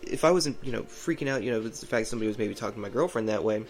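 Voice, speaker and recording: A man's voice: fairly low pitch, expressive, racing, a little hiss or hum. A man hosting a podcast, telling a personal story in a rambling, casual way full of fillers and restarts. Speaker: podcast host.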